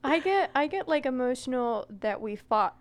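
A woman's voice: high voice, lively intonation, normal speed, no echo. A young woman co-hosting a podcast, chatting casually with a friend in a giggly, self-deprecating way. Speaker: podcast co-host. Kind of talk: casual chat.

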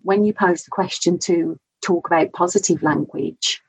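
A woman, a mental health first aid trainer, talking casually on a podcast, chatty and quick to laugh. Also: on the low side, steady tone, creaky, slightly rough, dry recording, rough recording. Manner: chatty, laughs often, digresses. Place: studio.

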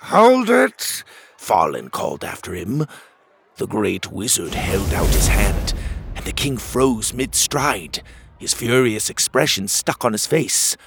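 A man narrating a children's storybook adventure in an expressive, animated way. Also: lowish voice, measured pace, gravelly, slight background noise.

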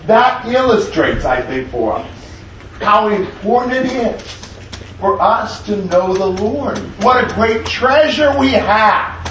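High-voiced man teaching a Bible class. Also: fairly bright tone, slight background noise. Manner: earnest, solemn reading of an ancient prayer. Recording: echoey room, mic far off.

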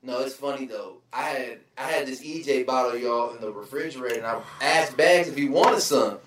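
A man co-hosting a casual podcast, animated and given to loud outbursts. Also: medium pitch, a little fast. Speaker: podcast co-host. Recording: roomy echo, distant from the mic.

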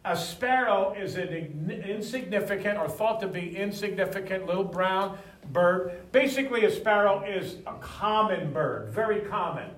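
A man's voice: high voice, lively intonation, moderate pace, fairly bright tone. A man preaching a sermon to a congregation, reading verses and leading call-and-response. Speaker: pastor. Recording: echoey hall from far off.

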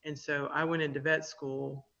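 Bright-voiced chatty woman veterinarian. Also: sits low, level tone, normal speed, creaky. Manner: chatty, laughing storyteller with many fillers. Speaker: veterinarian guest. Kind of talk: radio interview storytelling. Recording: dull lo-fi radio audio.

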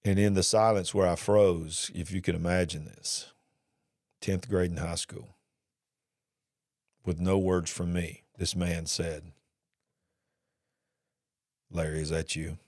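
Man, middle-aged, very deep voice, dry sound, earnest personal testimony. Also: flat delivery, a little mellow, dry recording. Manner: earnest, drawn-out emotional retelling. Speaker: speaker sharing his life story.

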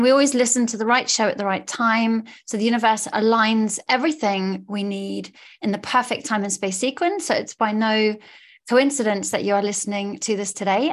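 A woman hosting a casual podcast as a coach, upbeat and gushing. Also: a little high. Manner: upbeat, gushing, warm encouraging patter. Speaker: podcast host, law of attraction coach. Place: studio.

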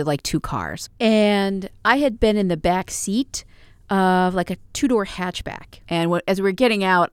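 A woman hosting a podcast, telling personal stories in a calm, wry, self-deprecating way with soft laughs, close on a mic. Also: lowish voice, clear, resonant tone, no echo. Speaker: podcast host. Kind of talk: casual personal storytelling.

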